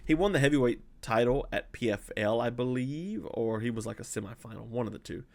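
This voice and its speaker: A man's voice: medium pitch, a little fast, gravelly, a little mellow. A man in his forties giving a casual, conversational breakdown of fights as a channel host. He corrects himself as he goes and gives blunt opinions. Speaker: MMA analyst and channel host.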